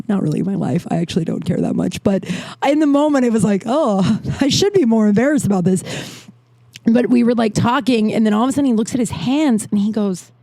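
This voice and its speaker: A woman in her thirties hosting her podcast, telling candid, animated stories with frequent tangents and casual swearing. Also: fairly low pitch, no echo. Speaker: podcast host. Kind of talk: casual storytelling monologue. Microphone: desk microphone.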